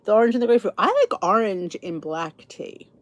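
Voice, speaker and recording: Chatty Philly woman, lively pitch. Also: brisk, dry recording, dull audio. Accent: Philadelphia. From Philadelphia area. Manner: chatty, rambling, frequent restarts and asides. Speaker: podcast host. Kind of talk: casual chat to viewers.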